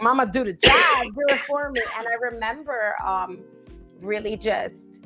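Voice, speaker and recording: A woman in her thirties chats casually as a co-host, frank and profane. She keeps a middle pitch and piles on fillers and emphatic asides. Faint music runs underneath. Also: a bit bright. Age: 30s. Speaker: podcast co-host. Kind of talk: casual chat.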